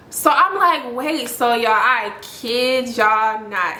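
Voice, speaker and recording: A young woman casually telling a storytime, animated and swearing freely as she acts out the quoted lines. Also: a little high, a little slow, hardly any pauses. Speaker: storytime vlogger. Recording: echoey room, faint noise.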